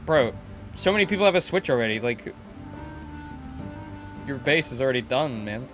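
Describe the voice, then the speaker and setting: A young man streaming a video game, joking, swearing and reading dialogue aloud with loud excitement. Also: mid-range voice, normal speed. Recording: game music behind.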